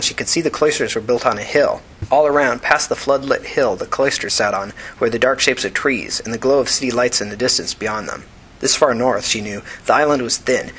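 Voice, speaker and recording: Male audiobook narrator, husky tone, even and measured delivery. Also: medium pitch, rough recording. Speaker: audiobook reader. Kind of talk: scripted narration of a novel.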